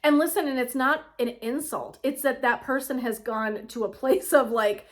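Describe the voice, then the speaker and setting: Chatty higher-voiced woman coach. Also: lively intonation, unhurried. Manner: chatty and warm-hearted, often checks in with "right?" and laughs easily. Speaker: women's wellness coach. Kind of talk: casual motivational talk to camera.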